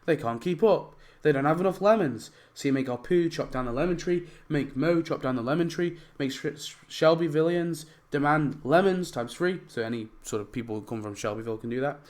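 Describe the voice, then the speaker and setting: Hoarse young man rambling about a game. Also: a little high, fairly quick, hardly any pauses. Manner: rambling, many fillers. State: losing his voice. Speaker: YouTuber pitching game ideas. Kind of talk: casual commentary over gameplay.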